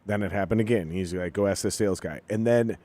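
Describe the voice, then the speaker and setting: A rock musician guesting on a podcast tells a story in a casual, animated style, with a lowish voice and a quick pace. He swears freely and acts out what people said.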